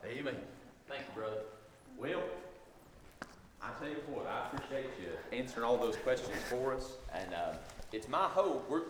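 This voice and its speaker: A man hosting in church, asking a guest questions before the congregation in a relaxed, rambling way. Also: mid-range voice, moderate pace, long pauses, reverberant, background noise.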